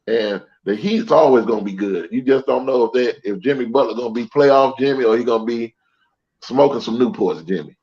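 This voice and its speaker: Sports show co-host: blunt, jokey man, mid-pitch voice, muffled lo-fi sound. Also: a little fast, a little mellow. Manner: blunt, joking, talks in long run-on takes. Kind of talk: casual sports debate.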